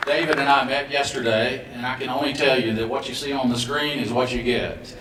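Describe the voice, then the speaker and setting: A man from Atlanta presenting an award with a formal speech of measured praise. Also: medium pitch, steady tone, crowd noise. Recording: echoey hall from far off, faint background noise.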